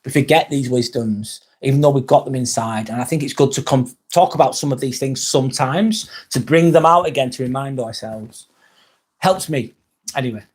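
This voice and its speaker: This is an English man hosting a live motivational chat. He talks in a loose, thoughtful way, repeats his key lines and swears now and then. His voice sits at an ordinary middle pitch for a man. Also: moderate pace, husky. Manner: repetitive, casual with swearing. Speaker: livestream host. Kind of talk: reflective motivational livestream talk.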